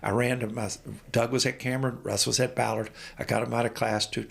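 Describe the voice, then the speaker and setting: A man in his sixties, a basketball coach, telling animated stories as a podcast guest and getting amped up as he goes. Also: medium pitch, brisk, vocal fry, husky. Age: 60s. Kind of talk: storytelling in an interview.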